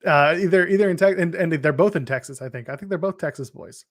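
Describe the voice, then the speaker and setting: A man chatting casually as a podcast co-host, rambling through wrestling recaps with wry jokes. His voice sits slightly on the high side for a man. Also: fast, a bit bright, no room sound, clean studio sound.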